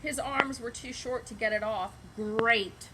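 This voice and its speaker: A woman teacher reading a picture book aloud to young children in a gentle, expressive way. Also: fairly high pitch, moderate pace, background noise.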